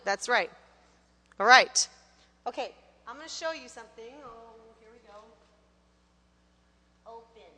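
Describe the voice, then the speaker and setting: A woman's voice: a little high, animated, a little slow, pauses often, pushed and bright, in a large hall. A woman teaching a gospel singing class, coaching students energetically, counting them in and singing phrases to show them. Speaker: vocal teacher.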